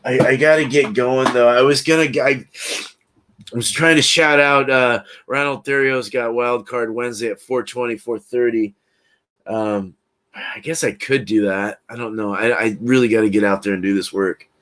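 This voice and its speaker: A man's voice: mid-range voice, fairly even intonation, normal speed, fairly bright tone. A man hosting a livestream, chatting casually with viewers in a laid-back, slangy way and laughing often. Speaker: livestream host. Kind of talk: casual chat with live chat.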